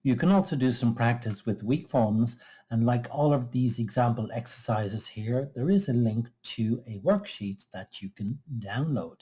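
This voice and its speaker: A man teaching English pronunciation, explaining exercises in a slow, careful, measured way. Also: mid-range voice, expressive, warm tone, husky. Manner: slow, careful, measured delivery with small restarts. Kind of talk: scripted lesson explanation.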